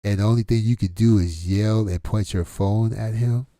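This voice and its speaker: A middle-aged man from Detroit talks in a blunt, exasperated monologue, firing off rhetorical questions. His voice sits low with a dark, mellow tone. The sound is dry and close, with no room around it. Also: fairly even intonation, normal speed, no room sound. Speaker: channel host. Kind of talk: casual commentary monologue.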